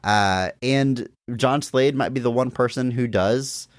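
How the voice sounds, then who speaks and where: A man co-hosting a movie podcast, talking in a relaxed, agreeable way with chuckling asides. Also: medium pitch, slow pace, clean tone, no echo, clean studio sound. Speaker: podcast co-host. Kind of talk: casual movie review chat.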